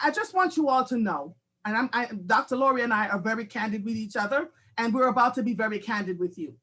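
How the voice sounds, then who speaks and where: A woman in her forties hosting a live talk show, telling a candid, animated personal story with frequent laughter. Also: on the high side. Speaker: host.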